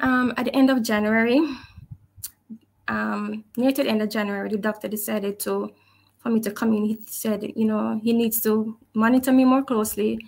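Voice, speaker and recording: A woman tells her own story in a conversational, reflective way. Her voice carries a noticeable gravelly rasp, and she stays earnest while laughing softly at moments. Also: a little high. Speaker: guest sharing her testimony. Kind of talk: personal testimony, conversational.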